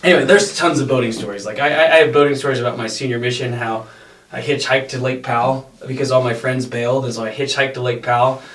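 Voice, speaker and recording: A man's voice: mid-range voice, steady tone, fast, a bit bright. A middle-aged man telling long, rambling stories in casual chat as a podcast guest, laughing now and then. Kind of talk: casual storytelling. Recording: roomy echo, a bit far from mic.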